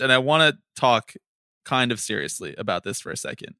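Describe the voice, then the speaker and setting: Animated bright-voiced man ranting. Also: medium pitch, fairly quick, dry recording, clean studio sound. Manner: animated ranting, swears, laughs often. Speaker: podcast co-host. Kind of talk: casual sports chat.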